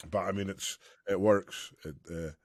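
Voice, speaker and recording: A man's voice: deep voice, steady tone, moderate pace, a little hiss or hum. A man co-hosting a podcast in casual, rambling chat, joking and laughing often. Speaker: podcast co-host.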